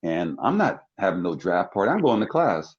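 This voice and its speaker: Man, 60s, from South Jersey, animated storyteller, low voice, dull lo-fi recording. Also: normal speed. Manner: acts out quoted people with big pitch jumps. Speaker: talk show guest, former football player.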